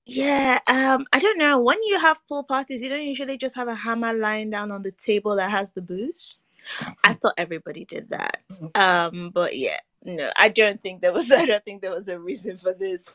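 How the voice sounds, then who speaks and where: A woman's voice: mid-range voice, moderate pace, fairly bright tone, no room sound, clean studio sound. A woman hosting a casual film-review chat, breezy and teasing as she moves the segments along. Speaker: podcast host.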